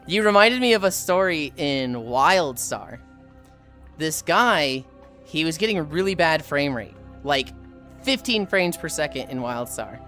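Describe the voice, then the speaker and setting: A woman in her thirties streaming live, chatting casually with her chat and friends, telling stories with lots of laughter. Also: low-pitched. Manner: animated storytelling, laughs often.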